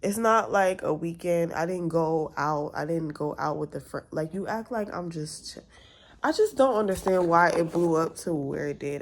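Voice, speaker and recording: A young woman in her twenties, venting candidly in a casual storytime vlog and acting out both sides of an argument. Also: low-pitched. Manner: candid, venting, quotes others in lively asides. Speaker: vlogger.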